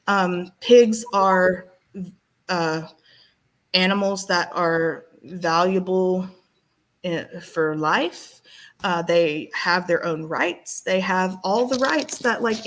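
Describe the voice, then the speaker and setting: Woman cohost chatting, gets worked up, lots of restarts, mid pitch voice. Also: poor audio. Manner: emotional, rambling with many restarts. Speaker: podcast co-host. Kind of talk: casual chat.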